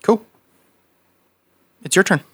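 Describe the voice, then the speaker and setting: A man running a tabletop game as game master, relaxed and quick to laugh while he rules on the fly. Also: dry recording.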